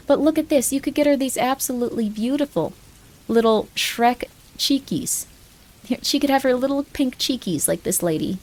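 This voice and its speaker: A woman's voice: fairly high pitch, lively intonation, normal speed, darkish tone. A woman streamer chatting casually in a rambling, joking way, often cutting herself off mid-thought. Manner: rambling, joking, self-interrupting. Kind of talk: casual live-stream chat.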